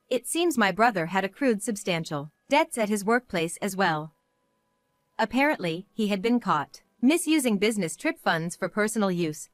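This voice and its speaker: A woman in her thirties telling a first-person family drama story in a steady, matter-of-fact way. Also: mid-range voice, no room sound. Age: 30s. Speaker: narrator.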